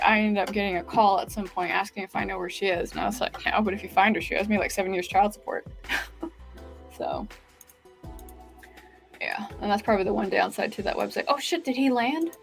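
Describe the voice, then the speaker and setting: A woman's voice: medium pitch, a bit bright. A woman hosting a live writing-sprint stream, chatting casually and reading viewer comments aloud, with lots of "like" fillers.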